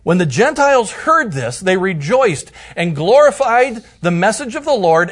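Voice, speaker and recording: A man teaching through a Bible passage in a conversational way, sometimes dropping to a soft hush for emphasis. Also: high voice.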